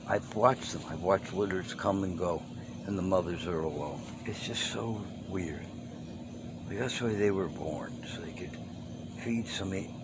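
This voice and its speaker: A man with a fairly low voice talks very slowly into a phone he holds outside, wandering from thought to thought and trailing off. The phone recording carries a steady hum of air conditioning and passing cars behind him. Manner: meandering, trailing off and restarting. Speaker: vlogger. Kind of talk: rambling handheld phone vlog. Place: outdoors among stray cats. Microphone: phone held in hand. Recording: phone audio with clear ambient noise.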